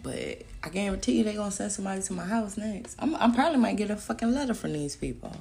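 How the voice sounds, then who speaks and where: A woman hosting a podcast, talking in a casual, profane monologue that swings between loud emphatic outbursts and muttered asides. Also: medium pitch, expressive, quick pace, creaky, soft background music. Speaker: podcast host.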